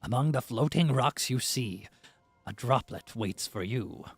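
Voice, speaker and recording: A man's voice: mid-range voice, animated, a little slow, breathy edge, dry recording. A man voicing a pompous male fish-folk historian in a grandiose, pirate-like reading voice. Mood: awed.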